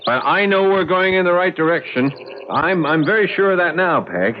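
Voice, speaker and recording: An actor playing a young husband who stammers while trying to sound reassuring in a radio drama. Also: male voice, high voice, expressive, moderate pace. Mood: flustered. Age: young adult. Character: young husband, cocky then flustered. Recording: dull lo-fi radio recording with some noise.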